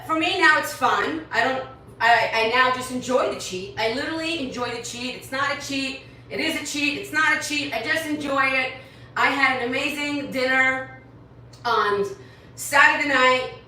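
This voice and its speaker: A woman's voice: high voice, pushed and bright, heavy reverb, recorded from a distance, a little hiss or hum, poor audio. A woman in her thirties from New York, a fitness coach talking earnestly and rambling a bit to her followers. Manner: earnest, rambling, repeats herself. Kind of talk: casual talk to followers.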